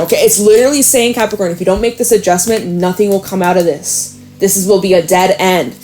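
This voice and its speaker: A woman's voice: medium pitch, steady tone, fast, a little mellow, slight background noise. Chatty woman giving a frank tarot reading. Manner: chatty, frank, swears and laughs often. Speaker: tarot reader. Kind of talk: casual tarot reading to camera.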